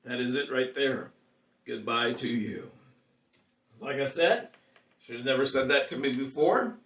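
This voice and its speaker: A man's voice: mid-range voice, animated, moderate pace, a bit bright. Chatty singer-songwriter man, echoey room. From California. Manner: rambling, chatty, laughs often. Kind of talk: casual chat to viewers between songs. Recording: echoey room, mic at a distance.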